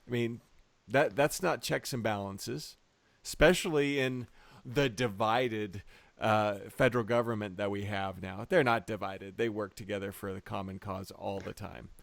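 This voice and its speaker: A low-voiced man speaks as a guest on a political podcast. He talks in a measured way and sometimes stops to rephrase. The sound is dry. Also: fairly even intonation, vocal fry, dry recording. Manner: measured, hesitant, with restarts.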